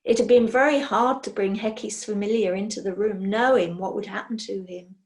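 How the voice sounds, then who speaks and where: A woman reading a children's storybook aloud in an expressive way. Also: medium pitch. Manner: slow, expressive.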